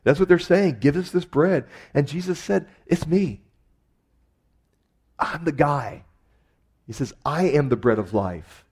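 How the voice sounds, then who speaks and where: A man's voice: fairly high pitch, a little slow, long pauses, darkish tone, husky. A man preaching a sermon in a conversational way, with emphatic rises on key phrases. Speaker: pastor.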